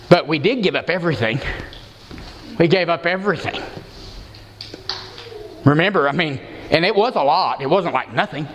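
High-voiced man preaching in an echoing hall. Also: a bit bright, a little hiss or hum. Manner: emphatic, repeats words for stress. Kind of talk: expository sermon.

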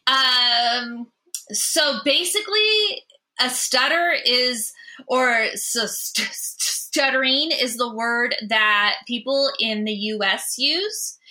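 A woman being interviewed, her voice sitting fairly high and ringing bright. She stutters, repeating first sounds, but keeps talking with lively energy. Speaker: guest. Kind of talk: interview conversation.

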